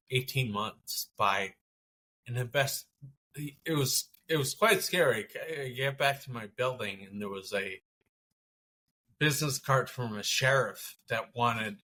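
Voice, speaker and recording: Bright-voiced man telling his story. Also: mid-range voice. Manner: halting, many restarts and fillers. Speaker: podcast guest. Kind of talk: conversational storytelling.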